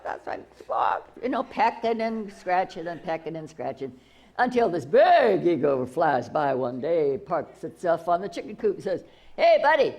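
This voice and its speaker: Lively, enthusiastic woman spiritual teacher. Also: lowish voice, unhurried. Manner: enthusiastic, repetitive, restarts often. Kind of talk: inspirational talk.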